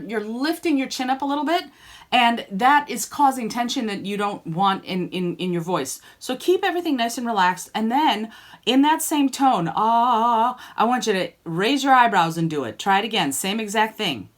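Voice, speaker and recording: A singing teacher, a woman with a slightly higher voice, runs a group lesson online. She coaches each student by name, encourages them and breaks into sung vowels to show the sound she wants. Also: lively intonation, normal speed.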